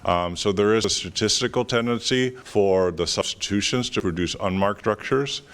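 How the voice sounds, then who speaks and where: A man's voice: fairly low pitch, moderate pace, a bit bright. A man giving a guest lecture and answering audience questions, thinking aloud with many fillers and restarts. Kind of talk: academic Q&A answer.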